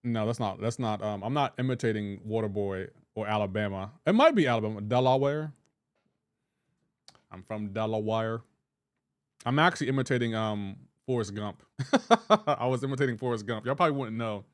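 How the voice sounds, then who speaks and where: Speaking fast with lively intonation and a fairly low pitch, a man from the American South streams games and chats casually, reacting to what viewers write. His light accent comes through clean studio audio with no room sound.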